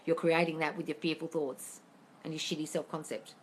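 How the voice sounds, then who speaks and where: Bright-voiced woman, live-stream host, blunt and sweary, scolds her viewers. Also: sits low, little pitch movement, fast talker. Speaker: host answering live chat questions.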